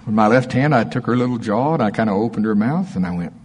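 A man preaching a sermon, telling stories with lively, animated delivery. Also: lowish voice, fast, few pauses, husky. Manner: storytelling, animated in anecdotes.

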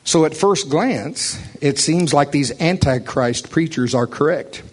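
A man's voice: fairly high pitch, unhurried. A man teaching a Bible lesson, earnest and emphatic, reading scripture aloud.

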